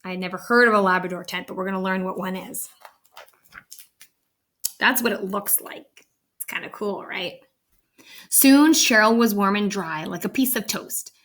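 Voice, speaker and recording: A woman's voice: mid-range voice, normal speed, pauses often, fairly bright tone. Chatty woman reading a storybook aloud. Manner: chatty, amused asides. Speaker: storybook reader. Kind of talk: read-aloud storytelling with asides.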